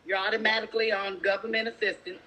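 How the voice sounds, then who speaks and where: A single mother and teacher telling a story in a sassy, animated way, talking straight to her listeners. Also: mid-range voice, quick pace, lo-fi sound, a little hiss or hum. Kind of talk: casual storytelling.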